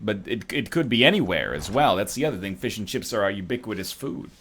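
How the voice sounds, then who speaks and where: Man, streamer, joking, sarcastic, animated pitch. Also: fast talker, slightly rough. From Canada. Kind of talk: casual gaming stream chat.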